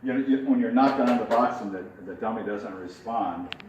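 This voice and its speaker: A man's voice: lowish voice, a little fast, a little mellow, distant mic, highs cut off, slight background noise. Folksy man teaching ventriloquism. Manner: chatty, folksy, demonstrative. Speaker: ventriloquist teaching a puppet workshop. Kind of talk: workshop teaching. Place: workshop room. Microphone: distant from the mic. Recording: echoey room from afar, faint background.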